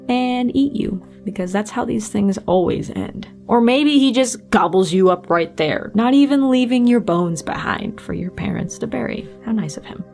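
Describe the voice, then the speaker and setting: A woman host narrating folklore with dry, sarcastic asides in a casual storytelling style. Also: mid-range voice.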